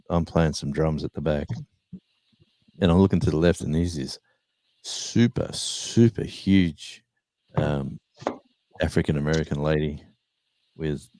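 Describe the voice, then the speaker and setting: An older Australian man hosts a live chat, spinning rambling road stories with many restarts and bursts of laughter. His extremely low voice is mellow, on a dry recording.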